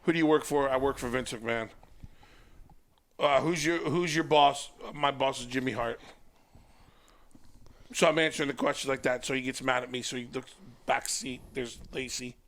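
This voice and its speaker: A man's voice: medium pitch, moderate pace, long pauses. A middle-aged man, a former wrestler, telling a story in casual chat and acting out the voices of the people in it. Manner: animated storyteller who acts out voices. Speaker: podcast guest, former wrestler.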